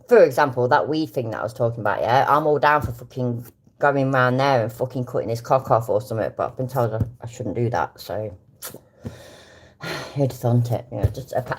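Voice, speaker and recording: Older British streamer, unusually deep and expressive, blunt casual chat with plenty of swearing. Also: female voice. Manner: blunt, heavy swearing, chatty. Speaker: host reacting to videos.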